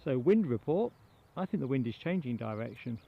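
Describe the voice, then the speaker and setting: Gravelly and husky, his medium-pitched voice swings widely in pitch and moves a little fast, in a muffled recording. He's a livestream host chatting casually during a plane spotting stream from a grassy mound beside an airport runway, reading comments and thanking viewers by name.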